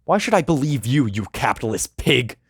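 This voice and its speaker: A man's voice: on the low side, moderate pace, a little mellow, slightly rough, dry recording, studio quality, voice pushed up. A man doing a young robot soldier, outraged. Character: young male robot soldier, earnest and loyal.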